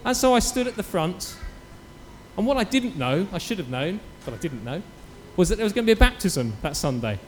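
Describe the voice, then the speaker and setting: Animated preacher in a hall. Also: male voice, high-pitched, brisk, slight background noise. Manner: animated storytelling with acted quotes. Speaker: pastor. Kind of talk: sermon. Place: church.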